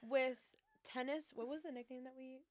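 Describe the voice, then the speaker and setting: A woman's voice: sits high, fairly even intonation, moderate pace, a crowd in the background. A woman co-hosting a podcast, chatting and reacting to her friends. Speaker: podcast co-host. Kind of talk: casual chat.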